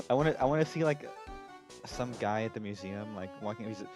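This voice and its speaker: A man streaming a video game, joking and swearing with friends. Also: fairly low pitch. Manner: joking, profane, quick to laugh. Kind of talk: casual let's-play banter.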